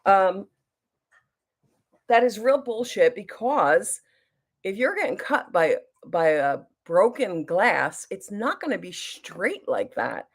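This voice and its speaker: A middle-aged beauty vlogger chats casually while doing her makeup in a get-ready-with-me video, reading viewer comments aloud. Her mid-range voice swings widely in pitch, and she speaks slowly.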